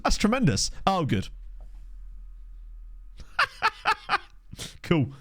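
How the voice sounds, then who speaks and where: A man streaming a football management game, chatting casually with his viewers and reacting excitedly to the match. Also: on the high side, moderate pace, pauses often, no room sound. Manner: chatty, reads chat aloud, excitable reactions to match play. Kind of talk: casual live-stream chat with commentary. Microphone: desk microphone.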